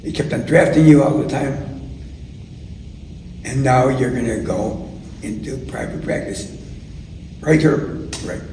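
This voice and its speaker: An older man, a retired doctor, telling lively anecdotes in an oral history interview and acting out the people he quotes. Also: medium pitch, unhurried, pauses often. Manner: animated anecdotes, acts out voices in quotes. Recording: echoey room, mic at a distance, faint noise.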